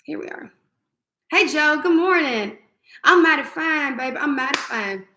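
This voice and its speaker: A woman's voice: sits high, lively intonation, unhurried, sharp tone, echoey room, slight background noise. A woman hosting a faith-filled morning live stream, exuberant and preachy, breaking into song and affirmations. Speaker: host.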